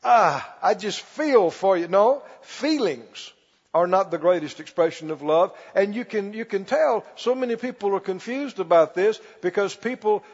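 A man preaching a sermon as pastor, stretching key words slowly and calling for the congregation to respond. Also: high-pitched, lively intonation, darkish tone. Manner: preaching with call-and-response, slow emphatic stretches. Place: church. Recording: muffled recording in a reverberant church hall.

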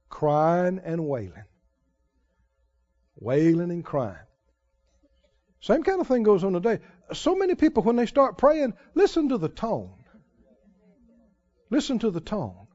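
High-voiced, slow, animated man preaching. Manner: animated preaching, mimics wailing prayers. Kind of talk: sermon. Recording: muffled lo-fi sermon recording.

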